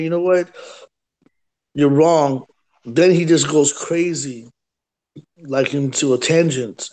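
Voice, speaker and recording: A man's voice: a little high, a little mellow. A man hosting a livestream who tells a story in casual chat, acting out quotes and saying "right?" and "bro" often. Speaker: livestream host.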